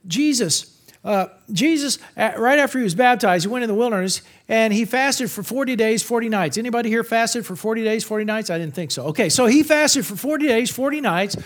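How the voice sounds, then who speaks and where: A middle-aged man preaching a sermon to college students, animated and jokey, slipping into funny voices for the people he mocks. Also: very high-pitched, normal speed. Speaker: campus pastor.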